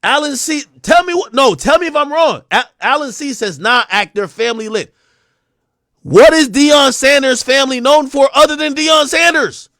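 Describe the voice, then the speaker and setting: A young man on a live stream, commenting bluntly and profanely, rambling between mutters and loud outbursts. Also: very high-pitched, normal speed, few pauses, no room sound, clean studio sound. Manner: animated, swings from mumbling to shouting.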